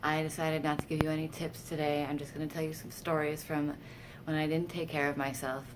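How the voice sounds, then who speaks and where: A woman vlogger tells candid, self-deprecating personal stories to camera in a casual way, growing animated when quoting herself. Her voice is low and a little fast, with background noise.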